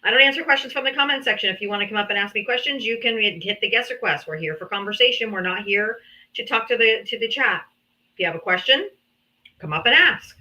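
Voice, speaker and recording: A woman's voice: a little high, expressive, fast talker, sharp tone. A woman hosting a live political debate stream, talking casually in a teasing, sarcastic way and talking down to people in the chat. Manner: teasing, sarcastic, talks down to commenters. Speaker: livestream debate host. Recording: dull lo-fi stream audio.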